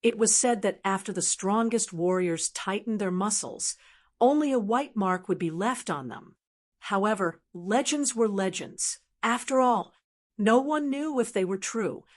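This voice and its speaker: A woman narrating a fantasy audiobook in a steady, even reading voice. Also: mid-range voice, measured pace. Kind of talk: scripted narration.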